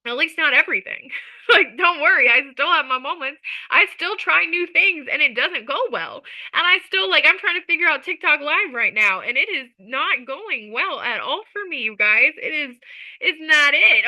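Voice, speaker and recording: A woman with a high, very bright voice talks to her followers as a social media coach. She is emphatic and energetic. She keeps checking in with her listeners as she goes. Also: moderate pace, low-quality recording. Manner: energetic, emphatic, chatty with repeated "okay?". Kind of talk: motivational talk to followers.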